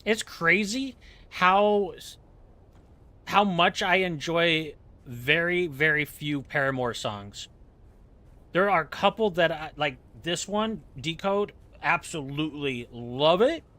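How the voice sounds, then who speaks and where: Bright-voiced joking male streamer. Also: a little high, lively intonation, takes it slowly. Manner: joking, rambling, self-mocking. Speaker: game streamer. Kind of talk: casual chat while playing.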